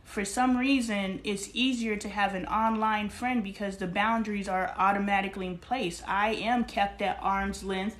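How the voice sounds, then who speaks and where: A woman's voice: mid-range voice, fairly even intonation, normal speed, few pauses. A woman hosting a live stream, musing aloud about friendship and asking her listeners questions. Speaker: livestream host. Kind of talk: reflective casual monologue.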